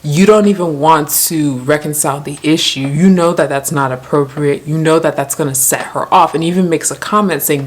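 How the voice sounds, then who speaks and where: Low-voiced chatty woman reviewer. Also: moderate pace, hardly any pauses. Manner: chatty, slangy, lots of "like" fillers. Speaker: YouTube show reviewer. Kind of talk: casual commentary.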